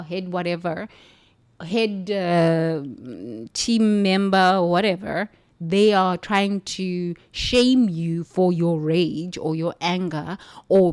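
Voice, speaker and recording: A woman from the United States telling her own story in an emphatic, forthright way as a guest. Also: lowish voice. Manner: emphatic, forthright, preachy at times. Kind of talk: conversational storytelling.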